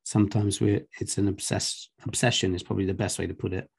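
A man's voice: lowish voice, little pitch movement, fast, vocal fry, husky. A man hosting a podcast in casual chat, thinking aloud with some fillers and restarts. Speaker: podcast host.

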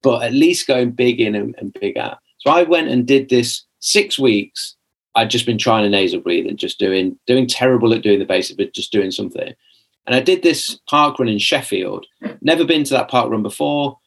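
A man's voice: mid-range voice, normal speed, vocal fry, slightly rough. A young man, a podcast guest telling a rambling personal story in casual conversation, full of restarts and fillers. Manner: chatty, rambling, many restarts and "like" fillers, acts out his own past lines.

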